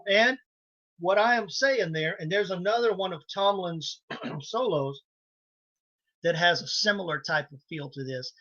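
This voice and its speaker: Unhurried yet pushed and bright, a high-pitched man leads a live online harmonica lesson over a video call with lo-fi sound. He lays out licks one step at a time in an easygoing manner and counts the band in.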